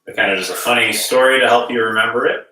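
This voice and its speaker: Calm male qigong teacher with a bright, forward tone, recorded from afar in a very echoey room. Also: mid-range voice, quick pace, slight background noise. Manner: calm, gently guiding with breath cues. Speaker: qigong instructor. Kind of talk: guided movement class. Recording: very echoey room, distant mic.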